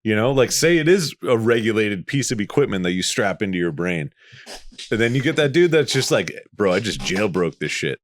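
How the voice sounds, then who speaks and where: A man's voice: on the low side, animated, brisk. A man co-hosting a podcast, joking around in a laid-back, casual way with some swearing. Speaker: podcast co-host. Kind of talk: casual chat.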